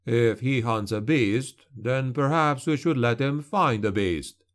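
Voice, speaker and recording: A man voicing a calm, sinister male shadow creature for an audiobook, hissing and slow. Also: mid-range voice, close to an everyday voice. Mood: cold menace.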